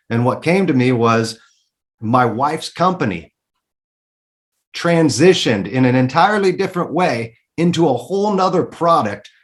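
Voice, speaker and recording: A man in his thirties speaks at a middle pitch as an interview guest. He tells his story candidly and emphatically, swears freely, and repeats words when he gets worked up.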